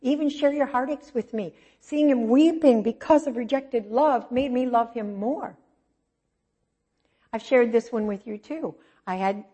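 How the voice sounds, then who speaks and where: A middle-aged woman preaching, telling a personal testimony in an earnest storytelling way, swinging between soft and emphatic. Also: mid-range voice.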